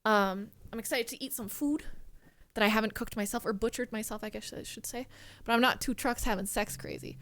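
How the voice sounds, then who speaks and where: Excitable high-voiced woman streamer. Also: a little fast. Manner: excitable, giggly, swears casually. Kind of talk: casual live-stream chat. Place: home streaming room.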